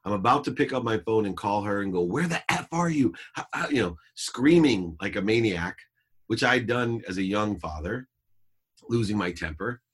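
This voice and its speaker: A man's voice: fairly low pitch, moderate pace, husky. A middle-aged man talking as a guest in a podcast interview, telling a personal story in an earnest, reflective and emphatic way.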